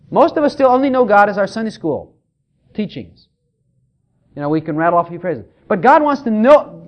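A middle-aged male pastor delivers a sermon in a church, his voice pitched high and swinging widely in melody. He slips into quoted voices of churchgoers as he makes his points. The recording is dull and lo-fi.

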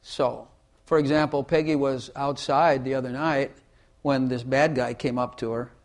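A man's voice: medium pitch, fairly even intonation, moderate pace. A man teaching the Bible in casual conversation, emphatic, repeating phrases for effect and playing with inflection to make his points.

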